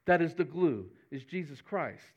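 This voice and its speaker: A man's voice: on the high side, animated, moderate pace, muffled recording. A man, a pastor giving a folksy, conversational sermon with humor.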